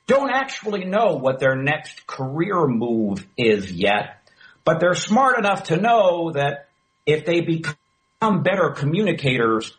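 A middle-aged man, a former talk radio host, telling a story in an interview with emphatic, animated delivery. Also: fairly high pitch, low-quality recording. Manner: animated, emphatic storyteller who acts out quoted dialogue.

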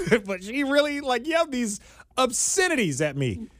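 A man's voice: very high voice, huge pitch swings, normal speed, a bit bright, dry recording, clean studio sound. A man co-hosting a podcast, telling a story in casual chat and laughing often. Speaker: podcast co-host.

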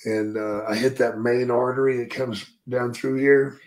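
Older guy spinning rough wrestling stories, cusses a lot, slow drawl. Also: mid-range voice, little pitch movement. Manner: profane, drawling storyteller. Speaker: podcast guest, retired wrestler. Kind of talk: casual storytelling.

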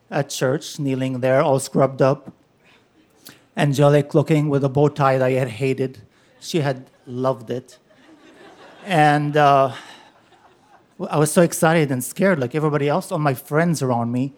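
A man in his sixties telling a personal story on stage, animated and laughing as he goes. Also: a little high, a little slow.

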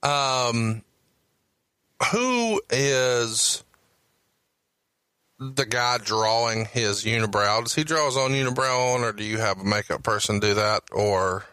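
A man's voice: medium pitch, animated, takes it slowly, sharp tone, clean tone, no echo. A man with an Alabama accent hosting a podcast interview, methodically reading out dates and asking questions. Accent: Southern US, Alabama. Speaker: podcast host. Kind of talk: interview with research recap.

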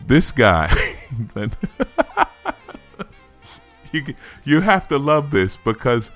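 A man hosting a comedy news podcast, delivering sarcastic, mocking commentary and laughing at his own jokes. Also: medium pitch. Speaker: podcast host.

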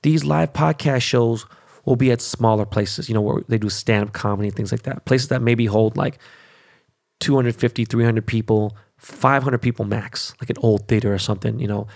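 Man, podcast host, forties, from Los Angeles, raspy fry in the voice, blunt, swears a lot, casual rant. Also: mid-range voice, fairly even intonation, normal speed, a little mellow. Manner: blunt, heavy swearing, keeps asking "okay?".

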